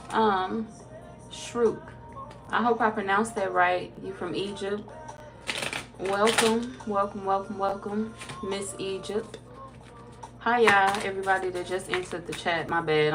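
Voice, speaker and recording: A woman tarot reader chatting casually on a live stream, greeting viewers by name and swearing freely. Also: mid-range voice.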